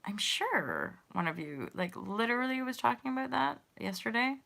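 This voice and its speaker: A woman's voice: on the high side, sing-song, normal speed, vocal fry, pushed and bright. A woman in her thirties hosting a casual spiritual livestream, rambling and giggling as she talks to viewers in the chat. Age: 30s. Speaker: host of a spiritual livestream show.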